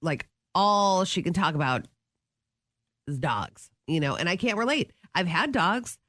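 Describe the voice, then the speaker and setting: A woman co-hosting a morning radio show, chatty and quick to laugh. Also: lowish voice, expressive, a bit bright, no room sound, studio quality. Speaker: radio co-host. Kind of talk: casual radio banter. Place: radio studio.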